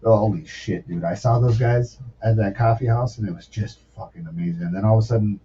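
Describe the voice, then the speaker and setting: A man's voice: lowish voice, brisk. A man in his forties telling rambling, profane stories in a casual podcast chat. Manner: profane, rambling, animated storyteller. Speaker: podcast guest, former sous chef. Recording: distant mic, dull lo-fi sound, faint background noise.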